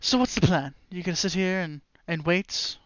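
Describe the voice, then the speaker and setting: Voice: mid-range voice, moderate pace, a bit bright, no room sound, lo-fi sound, natural voice. A game master voicing a sneering villain wizard. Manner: menacing, contemptuous.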